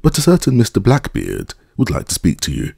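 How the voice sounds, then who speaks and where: Prim, hesitant housekeeper woman in a storybook, as a man with a gravelly voice puts her on. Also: fairly low pitch, wildly swooping pitch, brisk, a little mellow, dry recording, clean studio sound, voice pushed up, heavily acted. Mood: polite. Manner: hesitant, polite.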